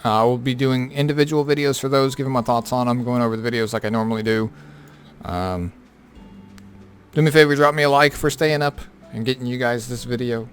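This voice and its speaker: A man's voice: mid-range voice, steady tone, brisk, smooth, soft background music. A tired man who has been up all night, casually going over game patch notes with lots of fillers and offhand remarks. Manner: rambling, filler-heavy, offhand. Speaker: gaming content creator.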